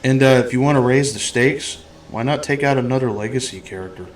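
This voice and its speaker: A man's voice: medium pitch, fairly quick, slight background noise. A man hosting a podcast, in a casual, blunt and profane chat about a movie. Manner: blunt, profane, animated storytelling. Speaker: podcast host.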